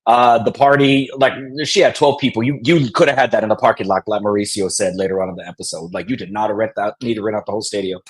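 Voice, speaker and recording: A man's voice: lowish voice, steady tone, quick pace, few pauses, breathy edge, rough recording. A man co-hosting a live reality TV review, chatting frankly and laughing often. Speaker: podcast co-host. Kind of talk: casual reality TV recap chat.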